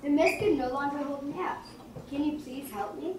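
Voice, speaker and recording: A woman voicing a weakened, gentle female tooth fairy who speaks politely and pleadingly. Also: sits high, moderate pace, close to an everyday voice. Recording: echoey room, distant mic, noise.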